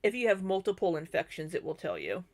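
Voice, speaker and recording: A woman's voice: on the low side, very animated, fast talker. A woman hosting a live commentary stream, reacting to video clips and answering viewers' comments in a chatty way.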